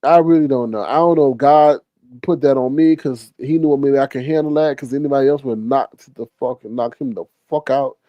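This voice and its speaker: In a brisk, mid-range, warm voice, a streamer rants his way through a story for his viewers, exasperated and repetitive, heavy on profanity, performing other people's lines. The recording is muffled with no room sound.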